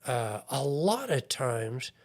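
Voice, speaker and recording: On a conversational podcast, a man appears as a guest, an IT consultant who talks earnestly and pokes fun at himself while acting out quoted voices. His medium-pitched voice is sing-song and slow, with vocal fry.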